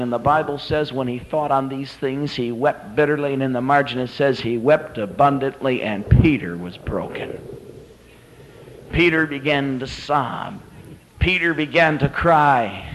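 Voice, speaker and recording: A male preacher delivers a sermon with a slightly high voice. He tells the story dramatically, dropping to hushed, slow phrases and then surging upward at the climaxes. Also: rough recording.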